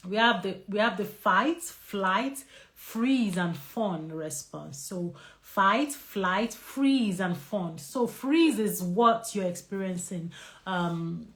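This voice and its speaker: Speaking slowly at a medium pitch, a woman doctor with a Nigerian English accent delivers an energetic live talk about stress and takes viewer questions.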